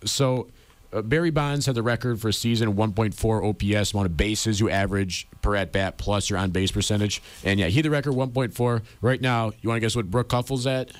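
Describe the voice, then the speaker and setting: A man's voice: fairly low pitch, steady tone, fairly quick, dry recording. A young man co-hosting a casual sports chat show, chatty and enthusiastic. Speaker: co-host.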